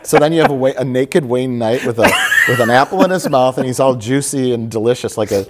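A man's voice: medium pitch, fast, very noisy. A middle-aged man in casual film discussion, telling a joke scene with lots of energy and acting bits out. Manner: animated storyteller who acts out scenes. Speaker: co-host reviewing films.

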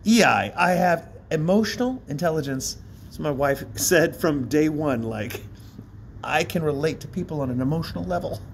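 A man's voice: on the high side, animated, normal speed, gravelly, a little hiss or hum. Chatty man vlogging outdoors. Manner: chatty, self-mocking, laughs often. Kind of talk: rambling casual monologue. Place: outdoors by a bridge.

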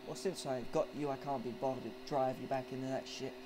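A man's voice: mid-range voice, fairly even intonation, fast talker. A man giving casual let's-play commentary as a gamer, cursing and chatting to himself as he plays. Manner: cursing, chatty, mutters at the game. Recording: game sounds and engine noise under the voice.

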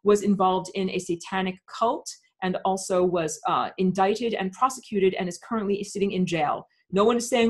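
A woman teaching a live webinar, talking in an emphatic, impassioned rant with many pauses and fillers. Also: mid-range voice, breathy edge.

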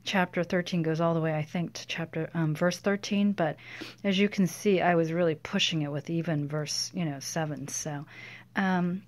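A woman's voice: sits low, fairly even intonation, normal speed. A woman hosting a casual crafting video, chatting through her project with many fillers and a self-deprecating manner. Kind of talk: casual crafting show-and-tell.

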